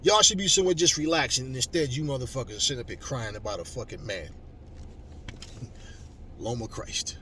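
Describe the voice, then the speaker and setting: A man hosting a boxing channel, ranting at viewers, loud and mocking, swearing constantly. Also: medium pitch, normal speed, long pauses. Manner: loud, mocking, heavy cursing. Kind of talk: profane rant to viewers. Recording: slightly distant mic with faint background noise.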